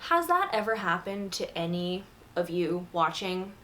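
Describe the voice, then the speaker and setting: A woman's voice: lowish voice, expressive, unhurried, bright, forceful tone, a little hiss or hum. A woman talking straight to camera in a casual way, full of "like" fillers and frank opinions. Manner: chatty, filler-heavy, candid opinions. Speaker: vegan video creator.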